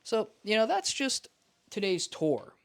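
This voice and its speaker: A young man rambling to camera in his home office, self-mocking, jumping between loud lines and mumbled asides. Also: high voice, huge pitch swings, a little slow, creaky, no room sound. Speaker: vlogger. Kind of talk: rambling casual vlog talk to camera. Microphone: camera he holds and turns.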